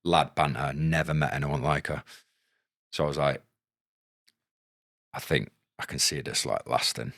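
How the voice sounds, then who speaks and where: A man's voice: very deep voice, unhurried, creaky, pauses often, fairly bright tone, no echo, clean studio sound. A man in his thirties telling his story candidly as a podcast guest, frank and casual and cursing freely. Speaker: podcast guest, former footballer.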